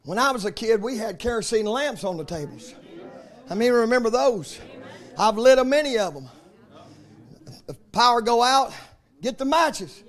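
Pastor, man, 50s, very high-pitched voice, emphatic preaching with repeated refrains. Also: lively intonation, moderate pace, long pauses. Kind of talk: sermon.

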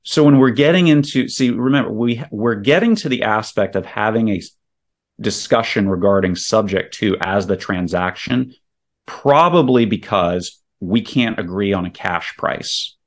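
Guesting on a podcast, this real estate investor has a lowish voice and a moderate pace. He lays out sales tactics forcefully and breaks down each scenario step by step.

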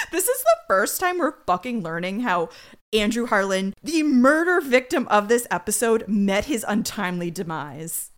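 A woman's voice: fairly high pitch, very animated. A woman co-hosting a podcast, recapping an episode in a sarcastic, sweary way and briefly acting out the characters. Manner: sweary, sarcastic, acts out characters in quick voices. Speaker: podcast co-host. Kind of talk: casual comedic recap.

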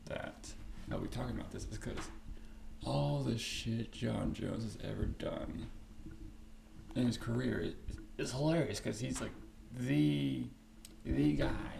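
A man hosting a podcast, talking alone in a profane, rambling and animated way. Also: medium pitch, gravelly. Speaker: podcast host. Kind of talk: casual solo podcast rant. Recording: echoey room with faint background noise.

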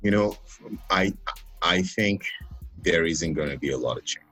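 A man talking as a guest on a casual podcast, giving his view in a slow, measured way. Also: low voice, lively intonation, fairly bright tone, faint music behind, rough recording. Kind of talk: casual conversation.

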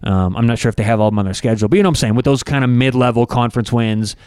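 A man's voice: medium pitch, very fast, a little mellow, smooth, dry recording, studio quality. A man co-hosting a casual sports talk show, loose and rambling with plenty of fillers. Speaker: co-host.

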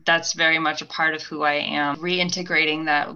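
A woman's voice: deep voice, little pitch movement, moderate pace, pushed and bright, smooth, dull audio. A young woman talking reflectively on a podcast, meandering with many fillers. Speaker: guest. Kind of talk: casual podcast conversation.

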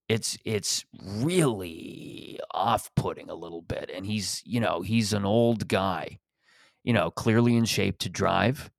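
Low-voiced man riffing sarcastically. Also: creaky, dry recording, studio quality. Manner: rambling, profane, sarcastic riffing. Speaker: podcast host. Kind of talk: casual comedic monologue.

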